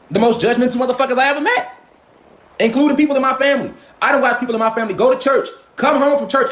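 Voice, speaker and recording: A man's voice: very high voice, a bit bright. A man in a profane, confrontational ranting monologue, firing rhetorical questions. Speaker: commentator.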